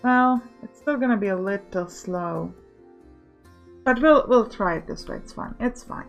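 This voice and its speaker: A woman's voice: medium pitch, unhurried, creaky, muffled recording, faint music behind. A woman hosting a let's play, talking casually as she thinks aloud and gives orders to her game workers. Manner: chatty, thinking aloud, bossing game units.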